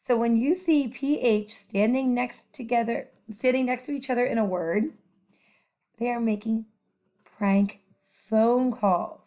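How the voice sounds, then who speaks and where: A woman teacher giving a children's phonics lesson, speaking clearly and encouragingly as she models letter sounds. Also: on the high side, unhurried, mellow.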